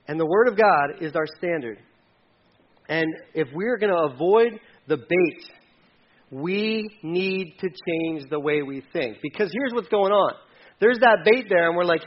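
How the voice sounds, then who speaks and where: A man with a high voice preaches a sermon. He is animated and often jumps up in pitch to act out voices. The recording sounds dull and lo-fi. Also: normal speed. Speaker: pastor.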